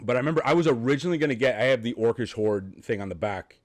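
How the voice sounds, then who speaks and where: A podcast host tells stories in a casual chat, laughing a lot and swearing easily. He talks very fast in a mid-range voice with lively intonation.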